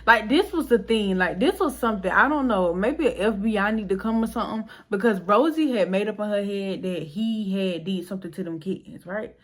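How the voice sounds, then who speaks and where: A young woman chatting through a storytime vlog in a mid-pitched voice, animated and emotional as she talks straight to her viewers. Her delivery is loose and casual, with free swearing along the way. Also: fairly quick, few pauses. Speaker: storytime vlogger.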